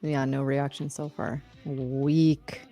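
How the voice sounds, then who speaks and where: A woman co-hosting a live trading stream, upbeat and quick to laugh, calling the market as it moves. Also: very deep voice, flat delivery, warm tone, faint music behind. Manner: upbeat, laughs often, cheers on winners. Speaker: co-host of a live trading show. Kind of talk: casual live-stream banter and market commentary.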